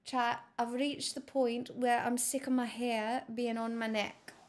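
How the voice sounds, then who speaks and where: A woman's voice: fairly high pitch, flat delivery, a little slow. Chatty, playful woman streamer. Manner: chatty, playful, self-mocking. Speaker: live streamer. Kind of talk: casual chat with stream viewers.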